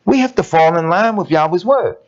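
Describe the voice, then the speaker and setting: A high-voiced man delivers a fiery sermon, his pitch leaping up and down as he hammers listeners with rhetorical questions. His talk is blunt and casual, not polished. The recording is dull and lo-fi. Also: lively intonation, a little fast. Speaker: preacher.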